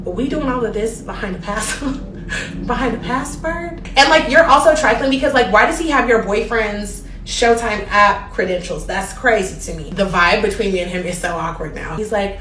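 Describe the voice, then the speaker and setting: A woman's voice: mid-range voice, normal speed, slight background noise. A young woman telling a travel story in a casual, gossipy way, talking straight to her viewers. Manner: animated, gossipy, addresses viewers directly. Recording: roomy, distant from the mic.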